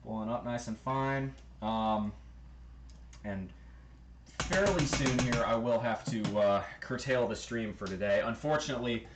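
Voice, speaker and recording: A man hosting a casual cooking livestream, keeping up a relaxed running commentary with fillers as he works. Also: lowish voice. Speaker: livestream host. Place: home kitchen. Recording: echoey kitchen with loud background noise.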